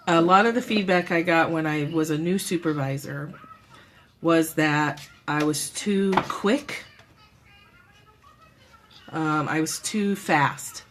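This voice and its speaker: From a room at home, a woman hosts a casual live stream on a propped-up phone or camera, with background noise behind her. Her voice sits low and she speaks slowly, pausing often as she muses aloud, corrects herself, and laughs easily in reflective chat.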